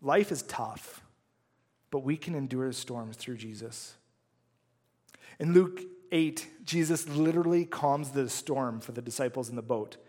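A man delivers a Sunday sermon in an earnest, conversational way, reading scripture and then talking it through with his congregation. His voice sits at an ordinary middle pitch. The sound carries the long reverb of a large sanctuary. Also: a little slow, dark tone. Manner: earnest, conversational preaching with frequent "right?" asides. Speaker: pastor.

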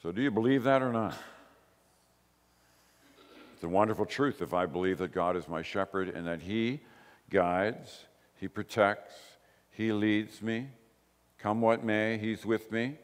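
Lower-voiced man preaching in a reverberant church. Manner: slow, emphatic phrasing with repeated short phrases. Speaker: pastor. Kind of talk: sermon.

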